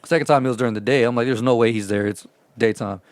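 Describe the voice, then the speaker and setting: A man tells stories on a podcast in a loose, profane way. He gets louder and more animated when he acts out what people said. His voice sounds dry and close to the mic. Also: medium pitch, fast talker, no room sound. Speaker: podcast co-host. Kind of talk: casual storytelling chat.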